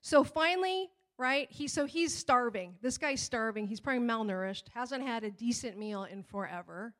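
A middle-aged woman pastor preaching a sermon, telling a story with lively acted-out voices. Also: fairly high pitch, moderate pace. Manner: animated storytelling, acting out voices.

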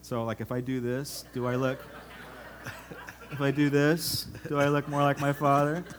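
Middle-aged male pastor, lively storyteller, easy mid-range voice, faint hum behind. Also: medium pitch, unhurried. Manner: animated storyteller, acts out voices, laughs often. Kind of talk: conversational sermon with stories.

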